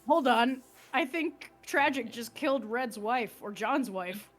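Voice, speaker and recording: A woman's voice: on the high side, lively intonation, unhurried. A woman co-playing a game on a stream, bantering in a joking, profane way. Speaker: co-player on a gaming stream. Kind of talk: casual gaming chat.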